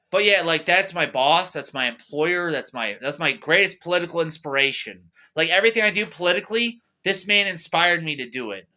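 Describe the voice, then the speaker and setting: A young man rambling boastfully to camera, excitable, swinging between loud bursts and mutters. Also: a little high, brisk, few pauses. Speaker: vlogger.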